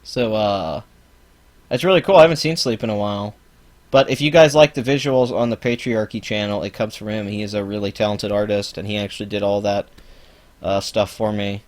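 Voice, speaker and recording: A man's voice: fairly low pitch, fairly even intonation, a little fast. Profane ranting man. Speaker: channel host. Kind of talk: live-stream reaction commentary.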